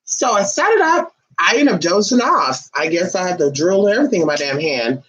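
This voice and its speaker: Animated, profanity-laced woman streaming. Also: fairly low pitch, a little fast, muffled recording. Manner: talks to viewers and a pet while reading comments. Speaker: livestream host. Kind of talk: casual livestream chat.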